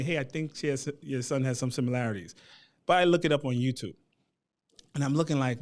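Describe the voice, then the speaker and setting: A man in his thirties telling a personal story at a community town hall, animated and acting out what people said. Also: mid-range voice. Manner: animated, acts out quotes.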